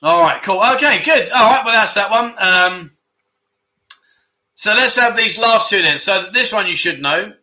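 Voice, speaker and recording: A man hosting a livestream chat show, reading out viewer comments in a jokey, teasing way with animated outbursts. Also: high voice, unhurried.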